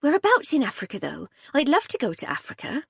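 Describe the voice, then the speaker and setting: Woman reading cheeky young barmaid, chatty, storybook, lively pitch. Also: quick pace, gravelly, no echo, clean studio sound, heavily acted. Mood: playful. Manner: chatty, playful, dialect grammar.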